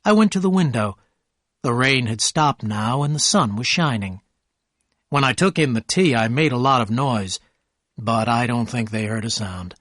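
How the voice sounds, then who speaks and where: Male narrator, clear and measured, slow learner-friendly storytelling, mid pitch, dry read. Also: animated, fairly bright tone, no echo.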